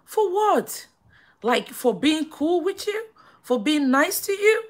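A woman with a Nigerian accent telling a story on a live stream, animated and repetitive, stopping to greet viewers by name. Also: sits high, slow pace. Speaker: vlogger.

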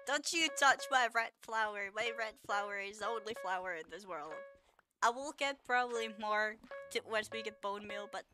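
A woman's voice: mid-range voice, unhurried, music in the background. A woman streamer chatting casually with her viewers, laughing often and playfully scolding them.

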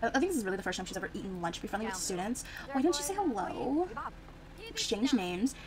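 A woman's voice: medium pitch, lively intonation, fast, crowd noise, poor audio. A young woman casually commenting on her life-sim gameplay, chatty and reacting aloud as she plays, with lots of fillers. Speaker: Sims gameplay streamer.

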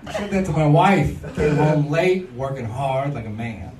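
A man performing a stand-up comedy set in a slow, deadpan manner, taped live in a club. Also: a little high, roomy sound, far from the mic, loud music behind the voice, low-quality recording.

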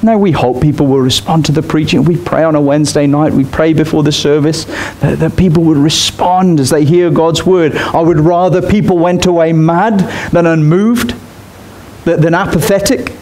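A man delivers a sermon in a church with a direct, emphatic delivery. His voice sits a little higher than most men's. A faint low rumble hangs behind him. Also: steady tone, moderate pace, darkish tone. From Australia. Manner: emphatic, direct preaching with rising intensity. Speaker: pastor.

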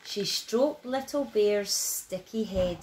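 Woman, children's storyteller, gentle, expressive, unhurried, bedtime story at home. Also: mid-range voice, a little hiss or hum.

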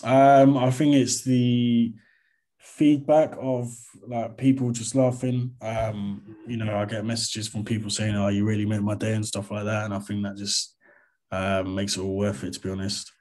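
A man's voice: on the low side, moderate pace. Laid-back young man. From England. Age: 20s. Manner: relaxed and chatty, says "mate" and "to be honest". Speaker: interview guest, comedy content creator. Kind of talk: casual interview chat.

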